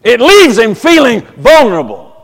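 A pastor preaches in a folksy, storytelling way, his voice sitting high for a man. He builds to loud, emphatic passages, and a long reverb from the church hall trails his words. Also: huge pitch swings, normal speed. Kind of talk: sermon. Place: church sanctuary.

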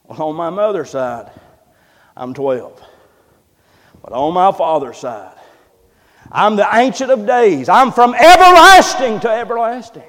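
A man voicing the boy Jesus as bold and certain, proclaiming and rising to shouts, in a sermon. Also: sits high, very animated, unhurried, pauses often, voice pushed up, full character voice. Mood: calm. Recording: long reverb of a church hall.

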